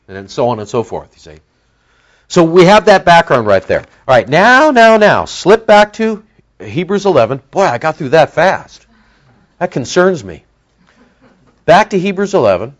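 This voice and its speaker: A man's voice: on the high side, sing-song, moderate pace. A man preaching an expository sermon, teaching verse by verse and acting out the characters' voices as he tells the story. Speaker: pastor.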